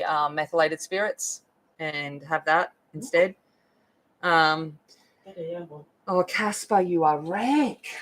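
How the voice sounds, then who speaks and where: A woman's voice: on the low side, a bit bright, poor audio. An Australian woman chatting casually as she colors on her coloring video, rambling with lots of fillers. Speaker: adult coloring video host. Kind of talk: casual chat while coloring.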